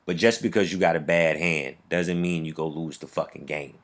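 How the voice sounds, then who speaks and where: A man hosting a podcast interview in a casual, slangy way, with playful jumps into high-pitched laughing impressions. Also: steady tone, normal speed. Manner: laid-back slangy talk, bursts into high laughing impressions. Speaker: podcast host.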